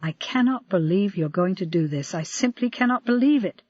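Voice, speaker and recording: A narrator voicing a blunt, quick-tempered middle-aged male police sergeant in an audiobook, in a dull recording. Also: high voice, lively intonation, a little mellow, no room sound. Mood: exasperated. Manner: blunt, snappish. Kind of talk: audiobook character reading.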